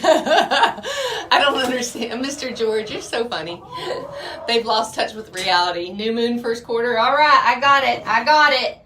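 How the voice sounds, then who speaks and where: Lady rambling and laughing at her chicken coop, highish voice, hens and rooster clucking behind, noisy outdoor audio. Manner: chatty, laughing, animated. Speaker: vlogger, homesteader. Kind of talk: casual chat to camera.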